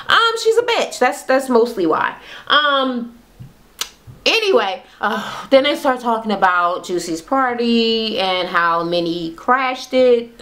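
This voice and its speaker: A woman with a fairly high voice rattles through a reality TV recap in casual, slangy talk. She is blunt, opinionated and swears freely, as if chatting with friends. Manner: animated retelling, acts out quotes; slangy, conversational.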